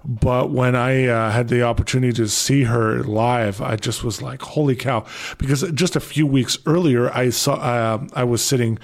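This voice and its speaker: A man with a Canadian accent, hosting his last radio show in a studio and telling stories in a rambling, excitable way with many restarts. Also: medium pitch, moderate pace, hardly any pauses. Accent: Canadian English. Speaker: departing radio show host. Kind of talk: casual radio interview.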